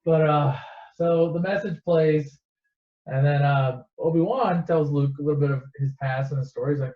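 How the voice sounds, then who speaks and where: Sarcastic guy rambling thru a movie recap, cussing a lot, slightly high voice, roomy lo-fi sound. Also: fairly even intonation, moderate pace. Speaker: storyteller. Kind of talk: casual comedic movie retelling. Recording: echoey dull lo-fi recording.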